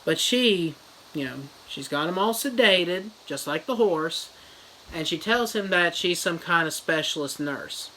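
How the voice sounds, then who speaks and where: A reviewer retelling a novel as a crude, rambling comedy summary with deadpan jokes. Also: medium pitch, measured pace, slight background noise, rough recording. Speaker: book reviewer.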